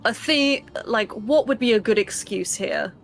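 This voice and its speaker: A woman's voice: fairly high pitch, a little hiss or hum. Playful woman playing a tabletop game. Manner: playful, fast, swearing. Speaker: player. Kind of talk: casual tabletop game chat.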